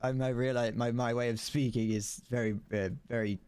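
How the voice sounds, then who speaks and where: A man's voice: medium pitch, steady tone, normal speed, a little mellow, smooth. A man with a British accent chatting casually while streaming a game, rambling, restarting his sentences and chuckling often. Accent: British English.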